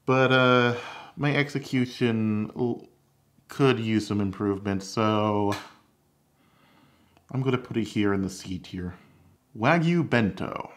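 Speaking slowly with long pauses in a lowish voice, this cooking channel host gives casual vlog commentary, talking candidly and picking apart his own recipe videos.

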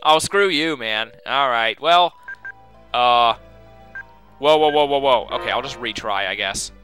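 A man giving casual, chatty commentary while he plays a game, excitable and talking to himself. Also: medium pitch, measured pace. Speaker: let's play host. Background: game music.

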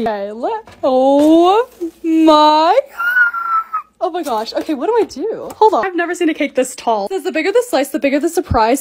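A young woman vlogger narrating her home organizing projects in a chatty, excitable voice-over with quick asides. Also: high-pitched. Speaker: lifestyle vlogger.

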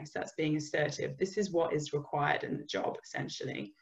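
A woman's voice: deep voice, steady tone, fairly quick, few pauses, highs cut off. A woman from the UK giving a conversational business communication webinar, sometimes acting out example phrases. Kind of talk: webinar presentation.

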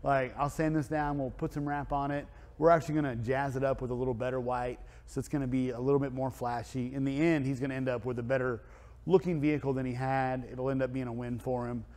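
A man's voice: medium pitch, flat delivery, quick pace, a little mellow. Chatty man with a long echo. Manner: rambling, filler-heavy chatty delivery. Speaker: car wrap and tint shop owner. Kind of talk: casual vlog storytelling.

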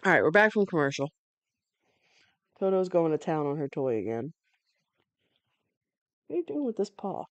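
A woman's voice: low-pitched, big pitch swings, normal speed, pauses often, no echo, dull audio. Chill woman streamer calling a game, cusses a lot, dry close mic. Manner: laid-back, swears casually, chats to her dog between plays. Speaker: streamer giving live game commentary. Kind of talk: casual live play-by-play commentary.

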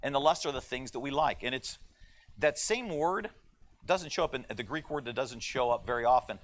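A man's voice: mid-range voice, lively intonation, moderate pace. A man teaching a conversational Bible lesson in a church class, folksy and joking as he talks. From United States. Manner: folksy and joking, with playful voices for quoted people. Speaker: Sunday school teacher.

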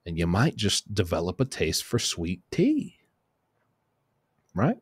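Brief: streetwise male commentator, low pitch, blunt, dry booth sound. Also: takes it slowly, breathy edge, no room sound. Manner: blunt, streetwise, animated, many fillers and restarts. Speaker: commentator on prison news. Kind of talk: casual commentary to camera.

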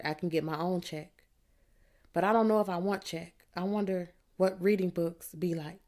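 Woman narrating an audiobook in dialect, lowish voice, slow steady read. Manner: reads in a street-dialect teen voice, low and steady. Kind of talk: first-person audiobook narration.

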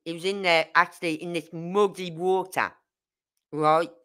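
A woman with a fairly low, smooth, slightly bright voice speaks at a measured pace with fairly even intonation. She runs a true crime channel and, in a casual livestream, reads out viewer comments in a rambling, indignant way.

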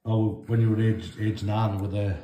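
A man's voice: fairly low pitch, flat delivery, mellow. A man hosting a casual interview, prompting his guest and repeating himself as he teases the next part. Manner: prompting, teasing, slow and repetitive. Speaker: interviewer host. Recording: echoey room with faint noise.

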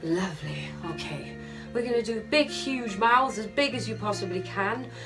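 Woman choir leader leading a warm-up, encouraging and upbeat; recorded from a distance over music. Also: mid-range voice, lively intonation, moderate pace. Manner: encouraging, upbeat instructions with counting. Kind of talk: guided vocal warm-up. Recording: distant mic with music behind.

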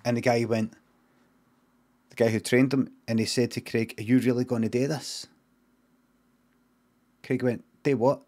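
A middle-aged man with a Scottish accent spins an improvised comic yarn. His delivery is deadpan and meandering, full of casual swearing and sudden tangents. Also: mid-range voice, husky. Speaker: streamer.

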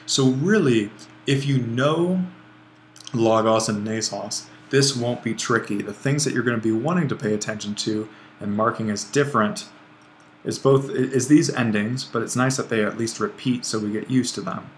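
A man teaching a grammar lesson over a screencast, relaxed and thinking aloud as he writes, often correcting himself. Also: mid-range voice, normal speed, slight background noise. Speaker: Greek language instructor.

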